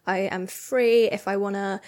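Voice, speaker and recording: Young adult woman, mid pitch, solo podcast host; casual, reflective, rambling chat. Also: steady tone, measured pace, darkish tone. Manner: chatty, reflective, rambling with fillers.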